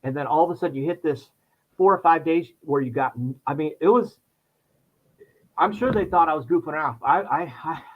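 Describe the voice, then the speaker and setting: Animated man telling a story, lo-fi sound. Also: brisk. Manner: animated storyteller, voice jumps high when acting out his past self. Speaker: podcast guest. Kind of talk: storytelling in casual chat.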